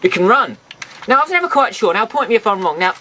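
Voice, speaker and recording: A man's voice: high-pitched, very animated, fast, sharp tone, slight background noise, low-quality recording. A man giving a casual toy review to the camera, rambling and chatty, talking straight to his viewers from home. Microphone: camera mic, sometimes off camera.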